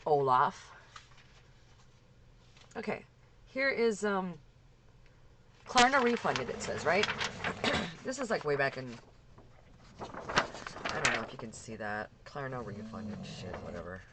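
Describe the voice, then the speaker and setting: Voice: mid-range voice, big pitch swings, slow pace, long pauses, very noisy. A vlogger ranting angrily to camera at a scammer, cursing, repeating and restarting sentences. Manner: profane, heated, repeats and restarts. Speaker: scam victim vlogger. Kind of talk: angry rant to camera.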